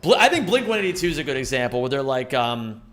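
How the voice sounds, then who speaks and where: A man's voice: mid-range voice, very animated, quick pace, a bit bright. A man streaming a speedrun, chatting loosely with his viewers, greeting them by name and rambling between thoughts. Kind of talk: live-stream chat while speedrunning.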